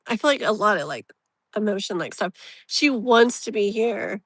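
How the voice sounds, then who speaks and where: Bright, chatty woman reading tarot. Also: mid-range voice, normal speed, dry recording. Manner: rambling, filler-heavy, emotionally open. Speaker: tarot reader, live stream host. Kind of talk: casual live tarot reading.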